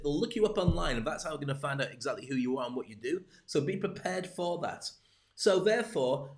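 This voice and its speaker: Brief: male business coach, live-stream talk, slightly high voice, lively and jokey. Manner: lively, jokey, talks straight to camera.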